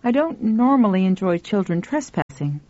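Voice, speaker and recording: A woman's voice: mid-range voice, sing-song, moderate pace, darkish tone, no echo, natural voice. A woman voicing a curt, querulous older spinster in a storybook reading. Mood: stern. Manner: curt and prim. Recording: dull lo-fi.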